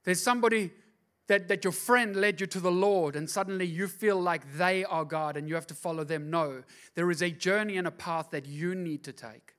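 Male pastor with a high-set voice, sermon delivery, hushed asides building into forceful repeated refrains. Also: normal speed. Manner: shifts from hushed, intimate asides to loud, driving preaching; repeats words for emphasis.

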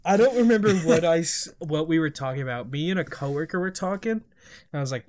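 A man's voice: a little high, lively intonation, fast, a little mellow. A young man co-hosting a podcast, teasing his friend and laughing easily in casual chat. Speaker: podcast co-host.

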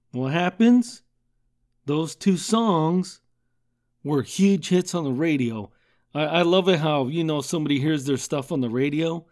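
A man's voice: on the high side, darkish tone. A man hosting a podcast, telling a story in a loose, rambling way, full of fillers and swearing. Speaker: podcast host. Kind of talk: casual storytelling.

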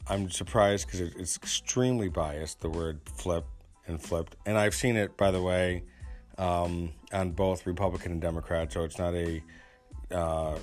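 A man giving his opinions in a casual spoken monologue, rambling and pausing often with fillers and restarts. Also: deep voice, a little mellow. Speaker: commentator.

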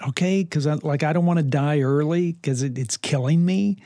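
A man giving parenting advice in a reflective, earnest talk, unhurried and touched with dry humor. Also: on the high side, warm tone, no echo. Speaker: parenting speaker.

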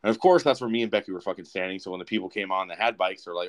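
Young male co-host, lower voice, swears freely, rambles through stories. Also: rapid-fire. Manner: profane, rambling, animated. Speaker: podcast co-host. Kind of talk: casual storytelling.

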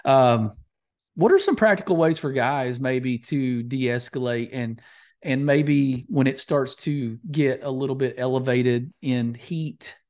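A man's voice: medium pitch, takes it slowly, darkish tone. Rambling man asking long questions. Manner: rambling, self-correcting questions, joking. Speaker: host. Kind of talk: conversational podcast talk.

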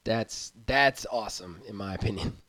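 A man co-hosting a gaming podcast, chatting casually in an excited, self-deprecating, rambling way. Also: fairly low pitch, normal speed, no echo. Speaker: podcast co-host. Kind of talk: casual chat.

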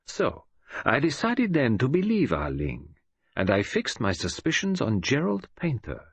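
A man narrates an audiobook in a slightly husky voice. His pitch moves in a lively, expressive way, and he reads close to the mic in a dry, dead room. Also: dry recording. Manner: expressive, measured storytelling. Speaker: audiobook reader. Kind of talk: scripted narration.

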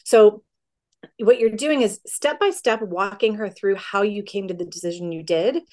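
A woman's voice: medium pitch, a little mellow. A middle-aged woman giving parenting advice in a podcast conversation, often acting out what a parent and child might say. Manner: acts out parent-child dialogue with quick quoted voices. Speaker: parenting guest.

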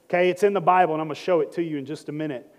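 A man preaches in a church with a high, bright-pitched voice, moving between soft prayer and playful teasing of his congregation. His words ring out with a long reverb from the hall around him. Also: rapid-fire. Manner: lively, joking preacher who prays and teaches. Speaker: pastor. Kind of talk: sermon. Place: church sanctuary.

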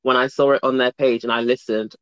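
A man's voice: mid-range voice, fairly even intonation, a little fast, fairly bright tone, clear, resonant tone, dry recording. Playful man hosting a chat show. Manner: playful, giggly, bursts into singing. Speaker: podcast host. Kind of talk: casual chat interview. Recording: dull, dry, lo-fi sound.

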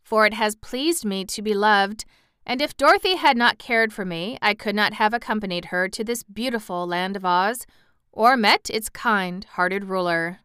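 A woman's voice: medium pitch, moderate pace, bright, forceful tone, smooth, dry recording, studio quality, close to an everyday voice. A woman reading as a humble, shy vagabond man. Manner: earnest, humble, plain-spoken. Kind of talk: audiobook character reading.

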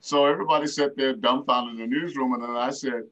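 A man in his seventies, a guest telling a relaxed anecdote in an interview. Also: medium pitch, fast talker, hardly any pauses, muffled recording, slight background noise. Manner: relaxed anecdotal telling with lively quoted voices. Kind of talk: storytelling in an interview.

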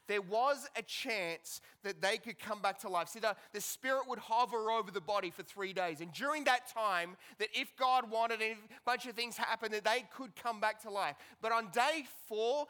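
A man preaching a sermon as pastor, emphatic and repetitive, swinging between loud passages and hushed ones. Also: high voice, clear, resonant tone.

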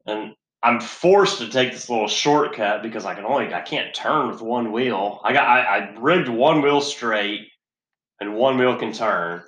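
A man's voice: medium pitch, measured pace, fairly bright tone, reverberant. A man telling a story in a profane casual chat, swearing heavily, sighing and laughing as he talks.

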